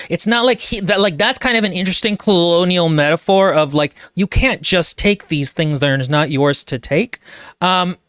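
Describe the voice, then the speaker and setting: A man's voice: high voice, normal speed, a bit bright, no echo, clean studio sound. A man co-hosting a podcast, talking casually and with strong opinions about a book, full of fillers and restarts. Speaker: podcast co-host.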